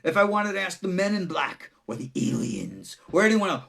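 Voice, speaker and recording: Animated Long Island-accented rabbi. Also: male voice, high voice, moderate pace, gravelly, few pauses. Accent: Long Island New York. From New York, Long Island. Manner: joking, dramatic, breaks into laughter. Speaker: rabbi and teacher. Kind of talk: unscripted spoken teaching.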